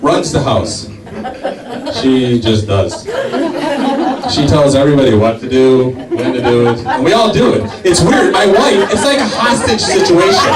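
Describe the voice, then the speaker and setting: A man doing stand-up comedy on a club stage, animated and acting out family dialogue. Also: mid-range voice, measured pace, over a noisy crowd. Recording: echoey club, from far off. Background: loud audience laughter.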